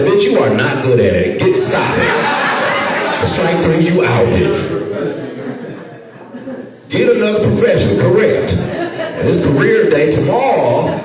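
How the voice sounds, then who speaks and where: A middle-aged man from St. Louis with a St. Louis accent doing a profane stand-up set, loud and animated, jumping into shouted voices. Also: mid-range voice. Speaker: stand-up comedian. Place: comedy club stage with a laughing audience. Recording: echoey club sound from a distance with crowd noise.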